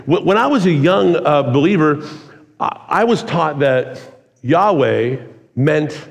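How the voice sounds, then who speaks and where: A man preaching a sermon in a relaxed, conversational way, full of "like" and "kinda.". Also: fairly high pitch. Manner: casual, conversational preaching with many "like"s. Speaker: pastor. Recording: long hall reverb.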